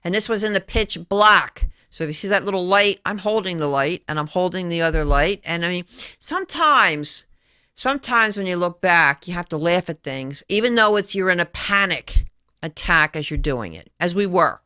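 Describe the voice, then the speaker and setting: Emphatic, bright-voiced woman talk show host. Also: fairly low pitch, moderate pace, smooth, no room sound. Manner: emphatic, rambling, animated storytelling with rhetorical questions. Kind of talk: solo talk show monologue. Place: TV studio.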